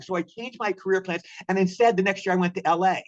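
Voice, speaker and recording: A man in his sixties rattles off stories at a quick clip, in a slightly high voice. The sound is dull and lo-fi, like a remote call. He restates lines as he goes, animated and anecdotal. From Maryland, USA. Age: 60s. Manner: animated anecdotal storytelling, repeats himself. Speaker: guest. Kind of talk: storytelling interview.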